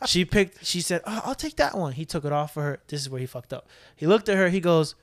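Fast-talking young man telling a story. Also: a little high. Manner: storytelling, animated, swears freely. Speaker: podcast co-host. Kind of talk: casual chat.

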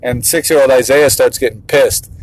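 A man's voice: mid-range voice, fairly even intonation, moderate pace, no echo, poor audio. A man in his thirties, a father and business owner, talking casually, laughing often and playfully mimicking his kids. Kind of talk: casual vlog monologue.

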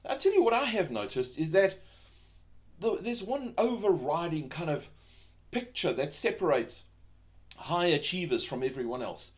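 A man's voice: on the high side, big pitch swings, normal speed. A man hosting a self-help podcast, talking loosely with many fillers and restarts and asking rhetorical questions. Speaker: podcast host.

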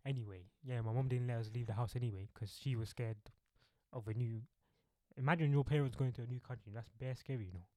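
A young man with a South London accent, co-hosting a podcast in quick, slangy banter. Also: mid-range voice, dark tone, no echo. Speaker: podcast co-host. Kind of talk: casual chat.

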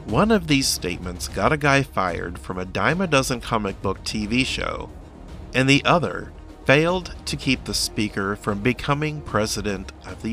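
A man narrating a scripted video essay in a measured, earnest and reflective way. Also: fairly low pitch. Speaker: commentator. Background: faint background music.

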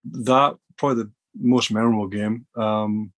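A man's voice: lowish voice, steady tone, normal speed, a bit bright. A man from Scotland, a podcast guest telling rambling stories with many restarts. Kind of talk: casual storytelling.

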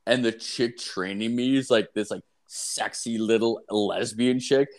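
A man's voice: on the low side, fairly even intonation, unhurried. A young man co-hosting a podcast in casual chat, telling crude stories with heavy swearing and filler words. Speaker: podcast co-host.

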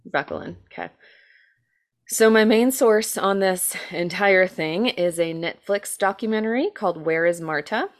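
A woman's voice: mid-range voice, unhurried. An American woman co-hosting a true-crime podcast in casual chat, talking chattily with lots of fillers, self-deprecating jokes and the odd swear word. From United States. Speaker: podcast co-host telling a true-crime case.

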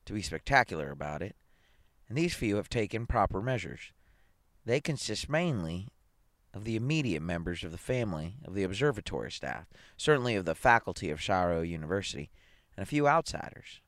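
A man reading aloud, voicing an eager, chatty middle-aged male psychologist in a brisk, chirpy way. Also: low-pitched, very animated, fairly bright tone, no room sound, studio quality, exaggerated voice.

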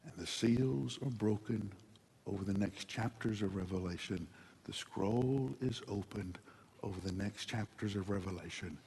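A man preaching a sermon dramatically, moving between hushed passages and loud ones, in a large hall. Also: on the low side, normal speed, gravelly, a little hiss or hum. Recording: long hall reverb.

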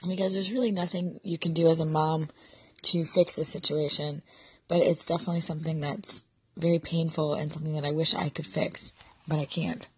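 A woman in her thirties, a sick and short-of-breath mother, sadly confiding a personal story in a halting monologue full of fillers. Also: low voice, steady tone, slightly rough, dry recording. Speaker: podcaster, mother.

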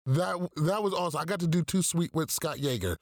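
A man's voice: fairly high pitch, expressive, fairly quick, no echo, clean studio sound. A man co-hosting a podcast in casual chat, loose and profane, laughing at his own jokes. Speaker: podcast co-host.

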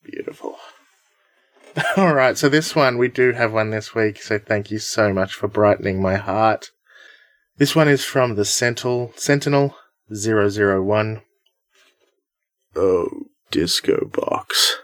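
A man's voice: on the low side, normal speed, dry recording. A man hosting a podcast in casual chat, upbeat and chatty, laughing often. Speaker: podcast host.

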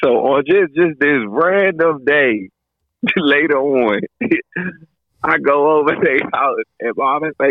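Podcast co-host, animated storyteller who acts out the people in his tale, dry lo-fi sound. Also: on the high side, takes it slowly, no room sound. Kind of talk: casual storytelling chat. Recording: dull, lo-fi sound.

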